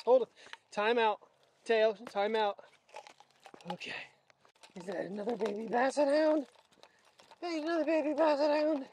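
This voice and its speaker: A man's voice: very high voice, darkish tone, a little hiss or hum. A man chatting casually through a daily vlog outdoors, laughing often and talking to his dogs on a clip-on mic. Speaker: vlogger. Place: outdoors with dogs in cold air. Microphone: wireless clip-on mic.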